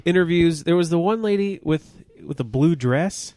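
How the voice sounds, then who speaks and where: A man co-hosting a podcast in casual chat, joking with quick asides. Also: a little high, animated, mellow, no echo, clean studio sound. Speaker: podcast co-host.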